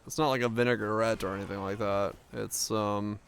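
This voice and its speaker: Gravelly man rambling over a game stream. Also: lowish voice, fairly even intonation, moderate pace, fairly bright tone, slight background noise. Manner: rambling, joking, laughs often. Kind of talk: casual gameplay chat.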